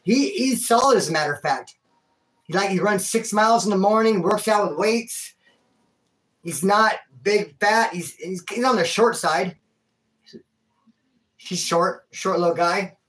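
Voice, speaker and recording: A man's voice: sits high, a little slow, pauses often, a bit bright. A man telling a rambling personal story in a casual, slangy way, calling the listener dude and bro. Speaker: vlogger telling a prison and life story.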